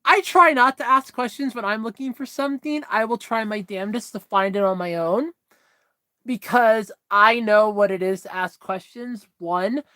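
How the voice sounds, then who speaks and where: A woman vlogger telling stories in a casual chat, animated, swearing freely and laughing often. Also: fairly high pitch, normal speed, no echo.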